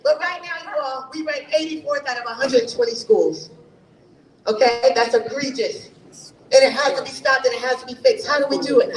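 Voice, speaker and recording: A woman from New Haven speaking as a mayoral candidate at a forum, emphatic and rousing, full of rhetorical questions. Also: high voice. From New Haven, Connecticut. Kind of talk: campaign forum speech. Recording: echoey room from far off.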